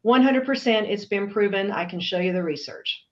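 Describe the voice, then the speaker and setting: A woman's voice: mid-range voice, moderate pace, highs cut off. A middle-aged woman from Texas, speaking earnestly and emphatically as an interview guest. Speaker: guest, anti-trafficking advocate.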